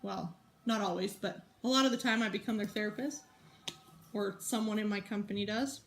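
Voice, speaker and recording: A woman's voice: mid-range voice, a little fast, faint music behind. A woman in her thirties chatting casually to camera, a rambling storyteller full of fillers and asides while she works on a craft project. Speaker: vlogger and mom.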